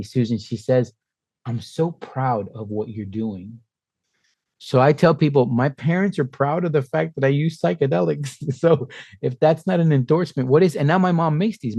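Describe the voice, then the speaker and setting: A man in his fifties, a podcast guest telling stories in a lively way and acting out what other people said. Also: mid-range voice, vocal fry, no room sound. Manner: animated storyteller who acts out quoted voices. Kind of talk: conversational interview.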